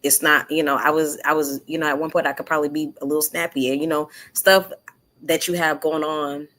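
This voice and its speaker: Brief: woman co-host, low pitch, hesitant, halting, many restarts. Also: level tone, a bit bright. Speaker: podcast co-host. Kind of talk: casual chat.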